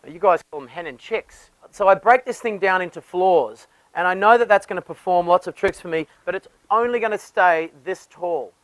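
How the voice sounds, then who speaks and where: A man's voice: high voice, moderate pace, hardly any pauses, a bit bright, no room sound, poor audio. A man, a landscape designer, explaining garden design with enthusiasm and often restarting his phrases.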